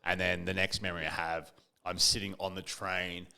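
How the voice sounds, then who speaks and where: A man's voice: sits low, level tone, normal speed, creaky, pushed and bright, clean tone. A man, a podcast guest telling a long story in casual chat, rambling and full of "like" fillers.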